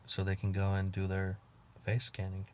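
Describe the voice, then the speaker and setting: A man hosting a podcast, riffing in a crude, profane monologue, laughing at his own jokes and acting out quotes with loud outbursts. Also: sits low, monotone, normal speed, a little hiss or hum. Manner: acts out quoted exchanges with sudden loud outbursts. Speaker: podcast host. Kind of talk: casual comedic monologue.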